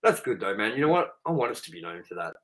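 A rowdy Australian man co-hosting a casual podcast, swearing freely and joking around. His voice is bright and forceful. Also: fairly low pitch, big pitch swings, fast talker, poor audio. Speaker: podcast co-host.

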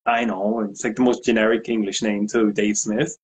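A man's voice: fairly low pitch, moderate pace, a little hiss or hum. A man in a casual interview, telling a story with lots of fillers and acted-out quotes. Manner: animated anecdote, acts out quotes. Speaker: guest DJ.

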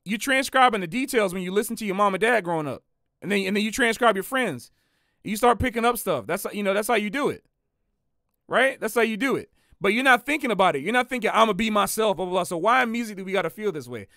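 A man, a jazz musician hosting a livestream, talking in a casual, slangy and animated way and repeating phrases for emphasis. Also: sits high, quick pace, no room sound, studio quality.

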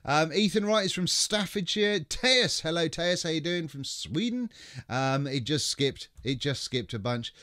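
Reading viewer greetings during a casual live chat, a man cheerfully fumbles names, laughs frequently, and swears in a relaxed way. His voice is a little high, animated, and sharp-toned, his pace a little slow, and the studio-quality recording has no room sound.

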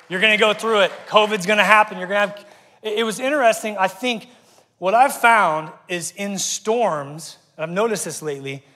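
Bright-voiced pastor in a reverberant hall. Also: male voice, high-pitched. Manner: energetic, conversational, self-interrupting. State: getting out of breath. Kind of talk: sermon.

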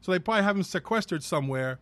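A man's voice: high-pitched, lively intonation, very fast, a bit bright, dry recording. A man with a New York accent ranting through a solo podcast episode, profane and rambling, talking in a heated way. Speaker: podcast host.

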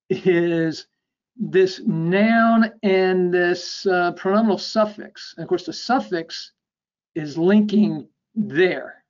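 A man giving an academic lecture. He explains step by step, checks in with a frequent "okay?", and lets his phrase ends drop off softly. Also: high voice. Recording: dull lo-fi lecture recording.

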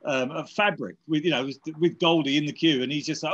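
Speaking fast with few pauses, this man in his fifties sounds fairly high-pitched, pushed, and bright. Interviewed as an electronic musician, he chats casually and rambles, full of fillers and restarts, laughing as he tells stories.

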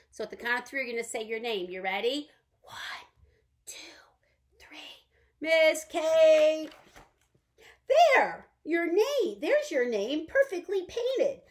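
Librarian lady doing storytime, high bouncy voice, swoops all over, talks right to the kids. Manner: animated, coaxing, addresses kids directly. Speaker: children's librarian. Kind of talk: storytime reading with songs. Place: library, indoors.

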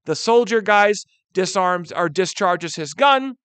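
A man teaching a history lesson in an animated way, who keeps calling his listeners "guys" and briefly acts out quotes. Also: high voice, slow, clean tone, no echo. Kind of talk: recorded history lecture.

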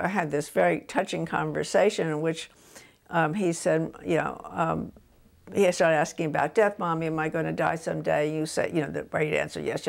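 An older woman author from New Jersey, telling stories about her books in a relaxed interview at home. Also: sits low, vocal fry. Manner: animated anecdotes, voices quotes of her son.

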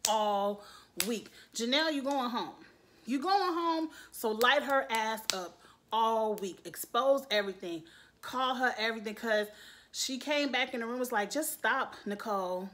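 A woman's voice: on the high side, measured pace, background noise. A woman giving a blunt, sassy and profane recap rant about a reality show, swearing freely and laughing between points.

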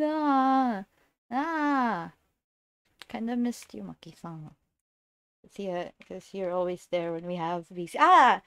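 A woman's voice: mid-range voice, expressive, slow, pauses often, no echo. A young adult woman on a casual livestream. She greets viewers, giggles often, and stumbles over repeated words.

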